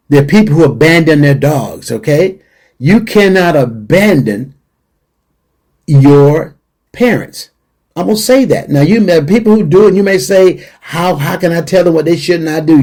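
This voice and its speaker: A middle-aged man talks to his radio listeners in an earnest, emphatic way and comes back to his main points again and again. His voice sits a little high for a man. Its tone is dark and mellow. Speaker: radio show host. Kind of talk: radio talk show monologue.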